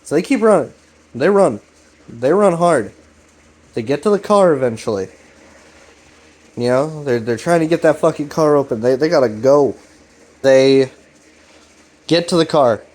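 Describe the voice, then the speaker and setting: A man's voice: on the high side, expressive, a little slow, long pauses, darkish tone. Laid-back, cursing rambler, man. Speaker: video series host. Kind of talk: casual rambling recap.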